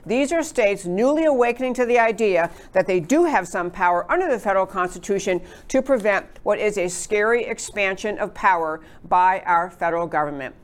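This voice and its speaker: A woman's voice: medium pitch, lively intonation, fairly quick, hardly any pauses. A woman hosting a political talk show, chatting with rambling asides as she introduces her guests. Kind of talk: conservative talk show monologue.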